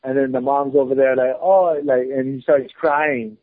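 A man's voice: mid-range voice, steady tone, normal speed. A man in his thirties telling a story in a casual chat, blunt, heated and swearing often. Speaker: podcast guest. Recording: phone-like lo-fi podcast audio.

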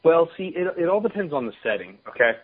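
A man's voice: a little high, quick pace. A man, a former fighter, telling rambling, laid-back anecdotes as a guest on a phone call. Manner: relaxed, rambling anecdotes with restarts. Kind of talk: casual storytelling on a phone call. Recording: tinny phone line.

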